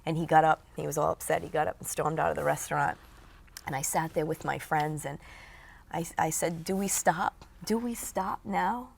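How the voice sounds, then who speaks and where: A woman guest in an interview, telling a story in an animated way and acting out what people said. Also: low voice, a little fast, vocal fry. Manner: animated storyteller, acts out quotes.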